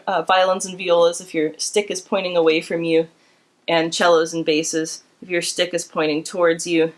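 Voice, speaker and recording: A woman teaching a beginner string class, explaining bowing and counting students in with encouragement. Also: fairly low pitch. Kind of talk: instrument lesson. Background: instrument playing.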